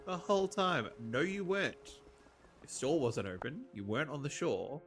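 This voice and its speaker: With faint music behind him, a man streams a farming game and keeps up lively, joking commentary in a mid-range voice at a moderate pace. He talks to the characters as if they could hear him.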